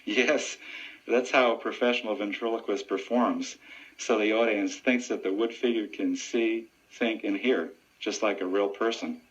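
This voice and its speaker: Man, low voice, earnest and steady, radio interview, muffled lo-fi audio. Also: normal speed. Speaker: deputy sheriff and ventriloquist.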